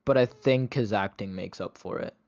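An opinionated man talks through a movie in a loose, chatty way, leaning on "like" as he goes. His voice sits a little low. The recording is dry and slightly dull, as if made at home. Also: moderate pace, darkish tone, no echo. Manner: opinionated, chatty, many "like" fillers. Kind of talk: casual movie review chat.

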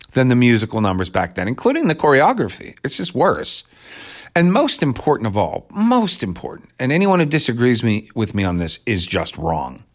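A man's voice: mid-range voice, a bit bright. A man giving a rambling, casual movie review rant in a sarcastic, crude and irreverent way, with mocking asides.

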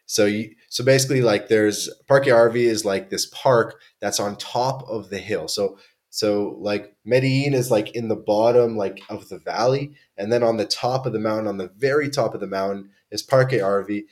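A man's voice: on the low side, normal speed, a little mellow. A young man from Canada, a podcast guest telling travel stories in a laid-back, slangy way with many restarts. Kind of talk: casual chat.

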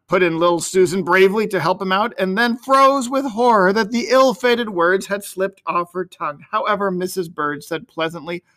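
A man narrating an old-fashioned storybook with a high voice. His delivery is expressive and gently dramatic, and his tone is clear and bright. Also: moderate pace, hardly any pauses.

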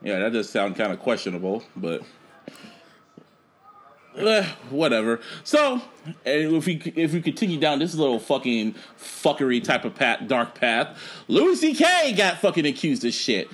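Animated, lively-voiced man telling stories. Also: medium pitch, moderate pace. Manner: animated storytelling, laughs often, swears freely. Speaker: podcast co-host. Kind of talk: casual chat.

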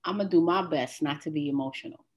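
A woman performing spoken-word poetry and then talking candidly as a guest, with deliberate phrasing and repeated refrains. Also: sits low, a little mellow. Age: adult with a grown daughter. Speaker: guest poet.

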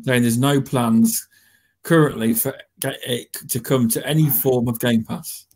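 A man's voice: medium pitch, fairly even intonation, a little slow, darkish tone. Chatty man talking gaming news. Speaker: podcast co-host. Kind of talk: casual gaming chat.

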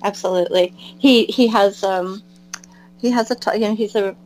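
A woman's voice: medium pitch, fairly even intonation, normal speed, slight background noise, poor audio. An American woman chatting as an interview guest, rambling with lots of fillers and restarts. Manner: warm, wandering, many fillers and restarts. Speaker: guest, pilgrim and albergue volunteer. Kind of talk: casual interview chat.

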